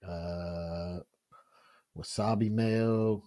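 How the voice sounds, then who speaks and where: A man's voice: deep voice, steady tone, extremely slow, dark tone. A man hosting a casual livestream, talking in a rambling, profane way with many restarts, and reading out viewer chat. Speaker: livestream host.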